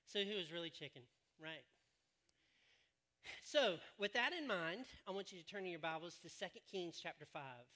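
A man's voice: sits high, lively intonation, normal speed, pushed and bright. A man preaching a sermon from a church stage, telling stories in a joking, rambling way. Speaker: pastor.

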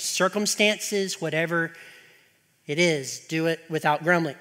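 A middle-aged man preaching in a church sanctuary, his high, bright voice ringing out with a long hall reverb. He swings into animated, exasperated rants full of rhetorical questions, then settles back into earnest teaching. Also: a little slow. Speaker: pastor. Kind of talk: sermon.

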